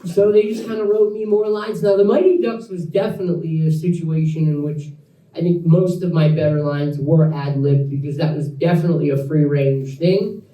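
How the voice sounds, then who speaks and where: A man in his forties, an actor guest at a live Q&A, telling an animated anecdote, laughing as he acts out what people said. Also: on the high side, moderate pace. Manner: animated storyteller, laughs through lines, acts out quotes. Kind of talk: live Q&A storytelling. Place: event room with audience. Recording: echoey room, mic at a distance.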